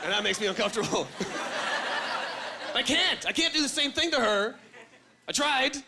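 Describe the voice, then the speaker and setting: A young man doing a stand-up comedy set on a club stage, animated and self-mocking, acting out voices, with an audience laughing loudly. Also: very high-pitched, a little slow, vocal fry, heavy background noise.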